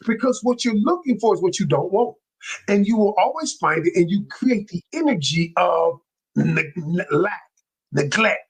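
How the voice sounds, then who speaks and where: A man talking as a relationship coach in an interview, animated and excitable, with a casual way of speaking and frequent restarts. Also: fairly high pitch, breathy edge. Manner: colloquial, with many restarts. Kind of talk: interview guest.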